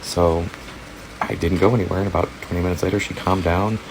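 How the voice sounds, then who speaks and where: Fast-talking gravelly deep-voiced man. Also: steady tone, background noise. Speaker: father telling a story. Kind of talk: casual storytelling video.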